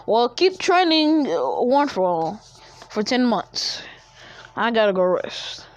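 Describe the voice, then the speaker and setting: A woman's voice: fairly high pitch, big pitch swings, takes it slowly. A woman voicing an easygoing older male hero mentor, offhand and laid-back. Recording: dull lo-fi dry recording.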